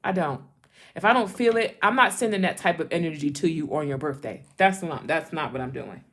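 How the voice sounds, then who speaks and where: Low-voiced woman giving a chatty tarot reading. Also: expressive, a little fast, a bit bright. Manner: chatty, laughs often, repeats phrases. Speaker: tarot reader.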